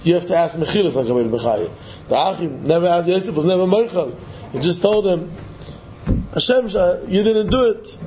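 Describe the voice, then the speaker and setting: Male Torah lecturer, lively sing-song preaching, slightly high voice over faint room noise. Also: fairly quick, low-quality recording. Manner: animated, repetitive, sing-song emphasis, mixes Hebrew and Yiddish terms. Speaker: Torah teacher. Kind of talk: Yiddish-inflected Torah lecture.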